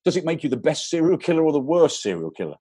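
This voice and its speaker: An English man hosting a podcast, chatty and quick to laugh as he asks the questions. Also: on the high side, sing-song, warm tone, slight background noise. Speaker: podcast host. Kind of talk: casual podcast interview.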